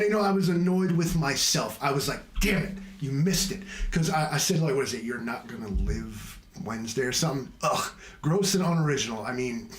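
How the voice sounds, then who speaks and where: Guy rambling on his livestream, jokey and all over the place, kinda echoey room. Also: mid-range voice. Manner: wandering, jokey, self-mocking. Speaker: livestream host. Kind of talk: rambling casual livestream chat.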